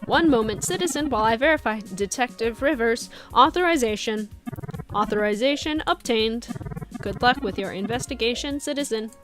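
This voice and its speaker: A woman's voice: fairly high pitch, moderate pace, over music, natural voice. A woman reading the lines of a polite, rigid robotic police guard in a game. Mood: officious. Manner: officious and clipped.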